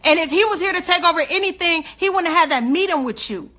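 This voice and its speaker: A woman's voice: very high voice, expressive, fast, sharp tone. A woman speaking, giving an emotional, indignant livestream rant full of rhetorical questions.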